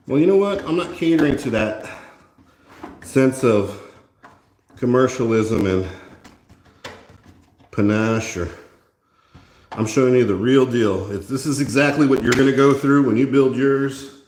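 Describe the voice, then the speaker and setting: A man's voice: medium pitch, unhurried, long pauses, a little mellow. A man hosting his own build video, talking to viewers in a casual running chat with jokey asides while he assembles a cabinet. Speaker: maker and video host. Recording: echoey room with faint noise and clicks.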